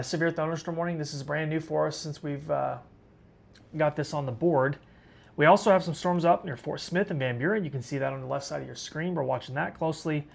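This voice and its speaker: A man's voice: a little high, vocal fry. A man from western Arkansas hosting a live weather stream, casually talking straight to viewers and answering chat. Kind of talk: live storm coverage, reading chat.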